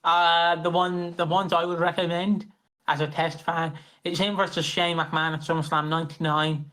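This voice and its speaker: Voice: medium pitch, level tone, moderate pace, a bit bright. A co-host chatting casually about wrestling, swearing, laughing and humming theme songs. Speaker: podcast co-host. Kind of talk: casual wrestling podcast chat.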